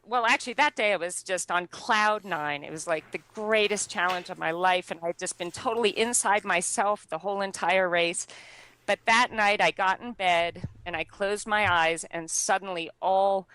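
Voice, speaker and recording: Bright, laughing woman telling a story. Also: mid-range voice, moderate pace, smooth, dry recording. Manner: animated, laughs often, fillers like "you know" and "like". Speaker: guest. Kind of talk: conversational storytelling.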